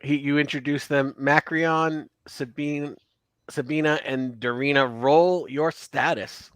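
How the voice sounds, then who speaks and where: A man narrating as game master of a tabletop role-playing game, relaxed, with many fillers. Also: on the high side, a little slow, smooth, dry recording.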